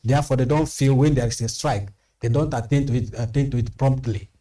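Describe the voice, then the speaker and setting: A man of middling pitch talks things through on a TV studio panel, steady and deliberate, repeating his key phrases to drive them home. He sits a little back from the mic. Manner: measured, repeats phrases for emphasis. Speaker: panel guest. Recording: slightly distant mic.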